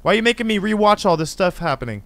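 A man hosting a gaming channel, giving excitable, slangy commentary as he plays a horror game. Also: high voice, rapid-fire. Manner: excitable, exclamatory, casual slang. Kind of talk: let's play commentary.

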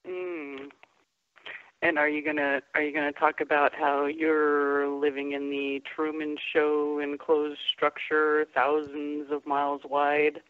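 A woman's voice: low-pitched, flat delivery, slow, clear, resonant tone, no echo, narrow, tinny audio. A young woman calling in to a show, teasing the host in a playful way. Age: young adult. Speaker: caller. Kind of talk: casual phone chat.

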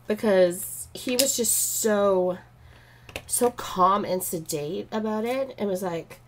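A woman talks at an unhurried pace in easy casual chat as she draws. She rambles from story to story and laughs often, with her pitch sitting mid-range. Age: adult, married. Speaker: art vlogger. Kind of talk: casual chat while drawing.

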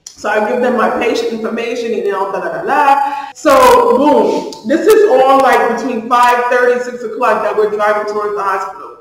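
A woman's voice: fairly high pitch, normal speed. A woman vlogger casually telling a story to the camera, animating it by acting out the dialogue. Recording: echoey room from a distance.

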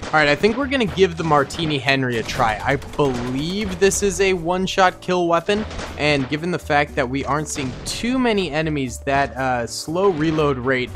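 A young man giving excitable gameplay commentary as a gaming video host, breaking into loud reactions. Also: fairly high pitch, normal speed. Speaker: gaming YouTuber. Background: game music and gunfire.

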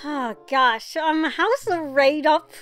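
A woman giving casual commentary while pulling cards in a mobile game, talking in an excitable, pleading, dramatic way. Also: high-pitched, slow, faint music behind.

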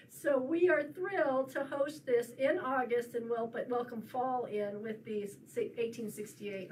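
A chatty woman with a high voice presents a class. She jokes about herself a lot. She's picked up from across the room, with clear background noise. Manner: chatty, self-joking, laughs often. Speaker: rug hooking teacher at a shop. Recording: distant mic with room noise.

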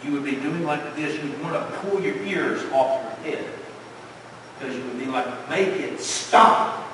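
Echoey pastor preaching from afar. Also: male voice, medium pitch, normal speed. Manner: emphatic preaching with rhetorical questions, dropping to a hush. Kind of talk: sermon. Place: church sanctuary. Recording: echoey church hall from far off, faint noise.

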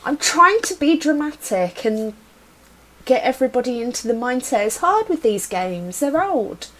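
A woman's voice: on the high side, very animated, moderate pace, fairly bright tone, a little hiss or hum. A young woman streaming a retro adventure game, joking with viewers as she types commands. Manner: playful, chatting to viewers while typing commands. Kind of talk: casual live-stream commentary. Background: keyboard typing.

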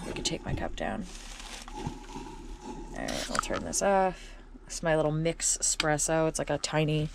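A woman's voice: sits low, noisy background. A woman in her twenties talking casually to the camera at home in a wry, self-deprecating video diary. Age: 20s. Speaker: vlogger. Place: at home, indoors.

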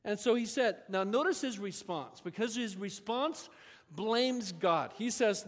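A man's voice: high-pitched, animated, measured pace. A male pastor preaching a sermon in a church, talking in a conversational, folksy way with asides to the congregation. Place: church sanctuary. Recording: long reverb of a church hall.

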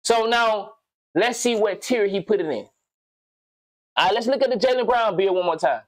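A man giving casual reaction commentary on a video, slangy and animated, rambling and swearing as he thinks aloud. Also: sits high, normal speed, no room sound.

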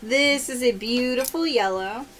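A woman's voice: a little high, a little slow, a bit bright, slight background noise. A woman hosting a live-stream pearl sale, opening oysters and cheerfully calling out prizes and pearl sizes to viewers. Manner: upbeat, cheery, calls out prizes. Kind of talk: live-stream selling chat.

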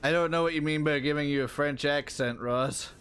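A man's voice: a little high, fairly even intonation, a little fast, a bit bright, smooth. A man streaming a video game live, chatting casually with viewers and reacting to the game as he plays. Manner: chatty, answers viewers while playing. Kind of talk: casual gaming commentary.

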